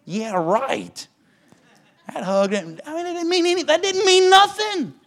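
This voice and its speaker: A man preaching a sermon in a folksy, emphatic way, swinging from loud to hushed. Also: very high voice, sing-song, brisk.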